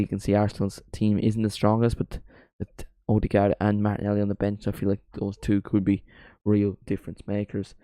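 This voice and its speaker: Low-voiced man chatting on a watchalong. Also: mellow, dry recording. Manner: chatty, jokey, rambling. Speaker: streamer hosting a live watchalong. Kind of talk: casual live football chat.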